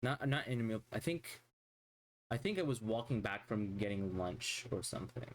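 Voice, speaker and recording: A man's voice: lowish voice, expressive, normal speed, slight background noise. A man streaming a casual chat, rambling and swearing constantly as he rants in exasperation.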